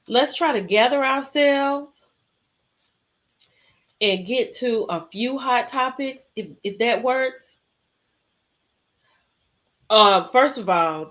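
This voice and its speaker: A woman hosting a live stream show, chatting with viewers, laughing and reading their comments. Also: mid-range voice. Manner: animated, laughs often, chatty Southern-style slang.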